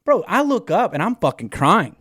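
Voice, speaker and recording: A man's voice: sits high, moderate pace, no room sound, studio quality. Rowdy, laughing man swapping stories. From Texas. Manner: animated, swears freely, laughs often. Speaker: podcast guest. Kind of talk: casual storytelling.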